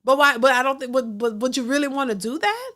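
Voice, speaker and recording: A woman hosts a casual reaction stream, thanking viewers and giving her take. Her voice sits a bit high, and she jumps higher when she gets emphatic, repeating words as she goes. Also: big pitch swings, quick pace, a bit bright. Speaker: reaction channel host. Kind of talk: casual commentary reading super chats.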